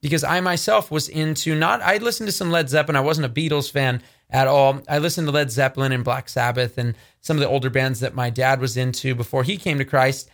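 A man's voice: mid-range voice, fairly even intonation, fairly quick, few pauses, fairly bright tone. A young adult man from Southern California presenting for a ministry, talking straight to viewers with earnest, emphatic warnings. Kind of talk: preaching monologue to viewers.

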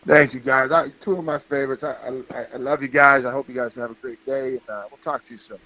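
A man's voice: medium pitch, fairly even intonation, fast talker. Humble man on a tinny phone line. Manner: humble, heartfelt. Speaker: guest, former football player. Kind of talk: interview by phone.

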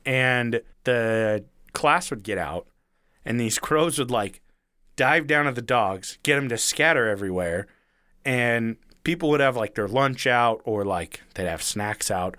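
A man's voice: mid-range voice, animated, a little slow, sharp tone, clear, resonant tone, no room sound, studio quality. A man telling a rambling story in casual chat, chuckling now and then and swearing freely.

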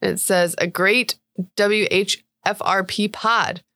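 A woman's voice: medium pitch, fairly even intonation, slow pace, bright, forceful tone, dry recording. Chatty woman co-hosting a game podcast. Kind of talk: casual chat, reading listener reviews.

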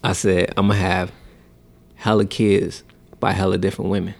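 A young man in casual chat, laid-back and sometimes low and mumbled. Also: level tone, normal speed, creaky.

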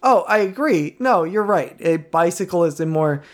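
A woman co-hosting a podcast from home, her voice sitting a little low for a woman. She talks in loose, teasing asides and lets sentences trail off. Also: animated, normal speed. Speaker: podcast co-host. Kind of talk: casual chat.

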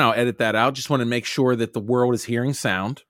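A man in his thirties hosting a casual podcast, rambling loosely and saying "dude" and "boom" all the time. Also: steady tone, brisk, fairly bright tone, dry recording, clean studio sound. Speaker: podcast host.

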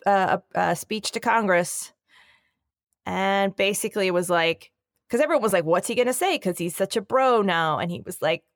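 A woman's voice: medium pitch, no echo, studio quality. A woman co-hosting a podcast, chatting casually with a sardonic, teasing manner. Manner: sardonic, quick to tease. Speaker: podcast co-host. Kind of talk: casual political chat.

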